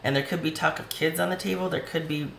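A woman reads tarot cards for her viewers, chatty and reassuring as she speaks right to them. Her voice is hoarse and gravelly from talking. The sound is roomy and echoey, with a faint hiss behind it. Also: deep voice, steady tone, quick pace. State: voice going hoarse. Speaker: tarot reader. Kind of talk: tarot reading video.

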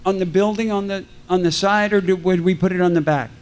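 An older man with a notably high voice tells loose, jokey stories from a convention panel stage. He keeps breaking off mid-sentence and circling back. Now and then he acts out the people he quotes. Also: fairly even intonation, brisk. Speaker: celebrity panel guest. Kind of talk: rambling anecdotal storytelling.

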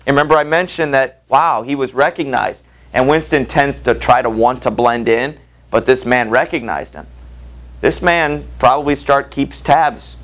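A man's voice: mid-range voice, normal speed, fairly bright tone, low-quality recording. Conversational male teacher lecturing a class. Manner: conversational, asks the class rhetorical questions.

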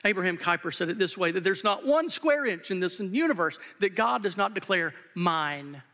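Here a pastor, a man with a sharp, high-pitched voice, preaches at a normal speed with lively intonation. The sermon, given live in a church sanctuary, is earnest and emphatic, and he repeats phrases to drive them home amid long hall reverb.

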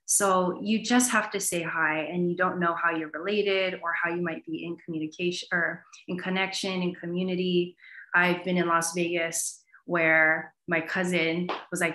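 A woman talking as an academic guest in an animated interview, with plenty of fillers. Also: on the low side, normal speed. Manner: animated, many fillers like "you know". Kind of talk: conversational interview answer. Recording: roomy echo.

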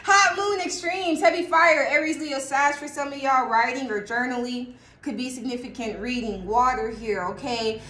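A woman reading tarot in a casual, excitable way, laughing often and breaking into bits of song. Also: high voice, moderate pace, roomy sound. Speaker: tarot reader.

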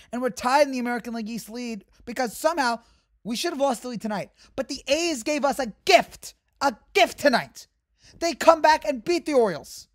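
Heated woman ranting, fairly high voice. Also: darkish tone. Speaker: sports fan channel host. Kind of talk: fan rant to camera.

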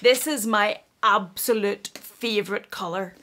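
Brief: young woman, giggly, excitable unboxing vlogger, bright sharp tone, stumbles over her words. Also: mid-range voice, measured pace, slight background noise. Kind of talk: unboxing vlog chat.

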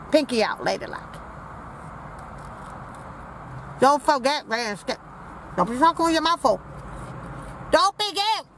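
A woman's voice: on the high side, a little hiss or hum, low-quality recording. A woman playing a sassy, crude old granny. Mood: chatty. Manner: sassy, rambling, crude asides. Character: brash vain old granny comedian character. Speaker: comedy vlogger in character. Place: inside a parked car.

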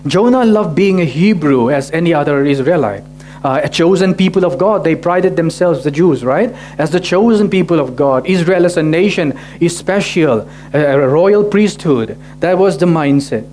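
A man delivers a sermon as pastor, his voice sitting a little higher than most men's. He repeats each heading for emphasis and keeps checking in with a quick "right?". A guitar plays faintly behind him. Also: animated, a little mellow. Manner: restates key points, frequent "right?" checks. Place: church in Tokyo.

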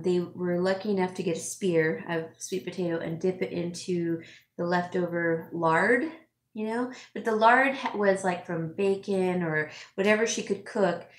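A middle-aged woman vlogger chatting with her viewers, emotional and teary, with frequent fillers and laughs. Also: on the low side. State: teary, sniffling. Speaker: home stager and vlogger. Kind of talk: casual chat reading viewer comments. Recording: echoey room.

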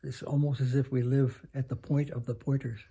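A man in his nineties telling a story slowly, halting with many pauses and restarts. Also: medium pitch, flat delivery, gravelly, warm tone, slightly rough. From United States. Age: 90s. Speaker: interview guest. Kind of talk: reflective storytelling. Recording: home interview.

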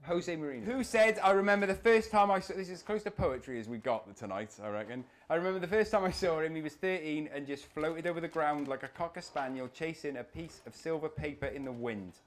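Talking fast with hardly any pauses, a Welsh quiz host with a voice on the high side reads questions at a live football quiz held in a coffee shop. He keeps up a chatty, jokey patter over the crowd of players.

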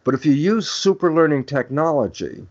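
A man's voice: on the high side, big pitch swings, moderate pace, darkish tone. An older man, a guest expert on a podcast, explaining his ideas in an emphatic lecturing way and acting out quoted dialogue. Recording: dull lo-fi audio.

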